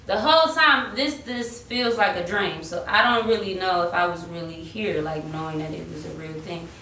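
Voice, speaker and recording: A young woman spins a lively storytime, voicing the people in it and breaking into snatches of melody. She sounds set back from the mic in a roomy space with a faint hiss underneath. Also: lowish voice, normal speed, far from the mic. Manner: animated, acts out quotes and slips into singing. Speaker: singer telling her story. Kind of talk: casual storytime chat.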